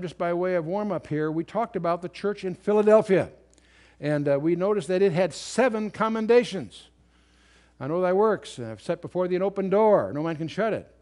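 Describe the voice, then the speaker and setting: A man with a fairly high speaking voice delivers a verse-by-verse Bible lecture. He reads King James scripture aloud and explains it emphatically. His delivery is unscripted, with restarts and fillers. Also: darkish tone. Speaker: Bible teacher. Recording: remastered lecture recording.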